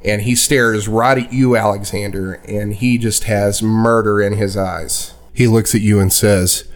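A man with a lowish voice narrates as the game master of a tabletop role-playing game. His delivery is relaxed and halting, full of fillers.

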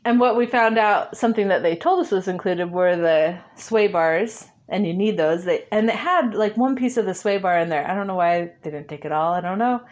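Animated woman telling a story. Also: medium pitch, brisk, hardly any pauses. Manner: animated, laughs often, acts out dialogue. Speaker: interview guest. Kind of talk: casual storytelling.

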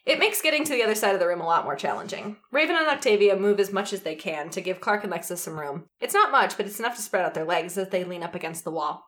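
A woman reads a story aloud on a podcast in an easygoing, lively way. Her voice sits at a middle pitch, and she laughs readily between lines. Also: fast talker, hardly any pauses. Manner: lively, laughs easily, stops to fix misread lines. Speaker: podcast co-host reading fan fiction aloud.

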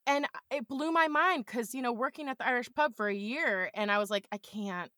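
A woman's voice: fairly high pitch, fairly quick, a crowd in the background. A woman chatting as a podcast guest, telling playful stories in a casual way. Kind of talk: casual chat.

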